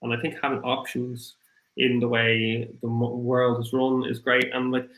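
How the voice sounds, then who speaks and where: A man with an Irish accent hosting a casual livestream, rambling and apologetic, his voice getting rough after hours of talking. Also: mid-range voice, completely flat delivery, normal speed, a bit bright, roomy sound, poor audio. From Ireland. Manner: rambling, apologetic, thinks aloud with many fillers. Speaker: crypto livestream host. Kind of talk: casual livestream chat, reading viewer comments.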